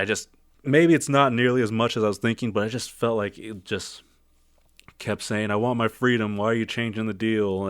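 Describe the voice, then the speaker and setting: A man's voice: lowish voice, fairly bright tone, smooth, no room sound, studio quality. A man giving a casual spoken film review. He rambles, second-guesses himself and uses lots of fillers. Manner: rambling, self-doubting, many fillers.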